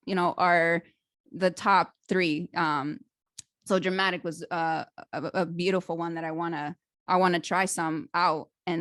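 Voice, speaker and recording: A woman hosting a podcast interview in a casual, chatty way, enthusiastic and animated, laughing easily. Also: on the low side, no room sound, clean studio sound. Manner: self-described dramatic storyteller. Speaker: podcast host.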